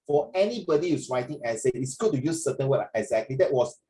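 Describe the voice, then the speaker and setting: A man's voice: medium pitch, expressive, fast talker, mellow. A man with a Singaporean accent, tutoring a class over a video call, chatty and mixing in Mandarin. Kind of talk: online class feedback. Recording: echoey room.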